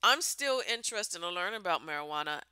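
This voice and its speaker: A woman rants bluntly into the camera on a casual vlog, exasperated and swearing freely. Her voice is bright and clear, with a smooth, crisp tone. The sound is close and dry, with no room around it. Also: fairly low pitch, animated, quick pace, dry recording. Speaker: vlogger.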